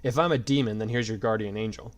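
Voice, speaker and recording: A man's voice: on the low side, fast talker, lightly acted. A man voicing a cocky, scornful young winged warrior who talks impatiently. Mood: mocking. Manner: sneering, impatient.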